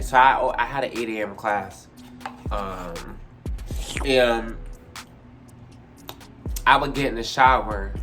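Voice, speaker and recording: A young man casually telling a story, profane and animated, jumping high in pitch when he acts out scenes. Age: young adult. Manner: animated, profane, retells with big pitch jumps.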